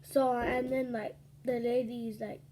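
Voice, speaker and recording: A woman's voice: fairly high pitch, flat delivery, a little slow, warm tone, slight background noise. A woman casually telling a rambling story between bites in an eating ASMR video, dropping into whispered asides. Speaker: ASMR vlogger.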